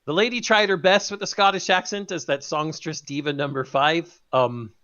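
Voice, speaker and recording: A man co-hosting a casual chat about game trailers, animated and quick to laugh, with halting restarts. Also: fairly high pitch, clear, resonant tone, dull audio. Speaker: co-host.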